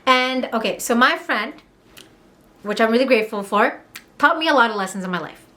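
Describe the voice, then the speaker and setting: A young woman from Montreal telling a candid, heated storytime on her vlog, swearing and rushing through asides. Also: a little high, lively intonation, sharp tone. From Montreal, Canada. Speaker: vlogger.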